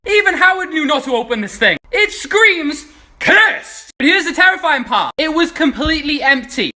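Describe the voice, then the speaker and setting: A man doing comic science commentary, excitable and sweary, breaking into shouted punchlines. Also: very high-pitched. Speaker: social media creator.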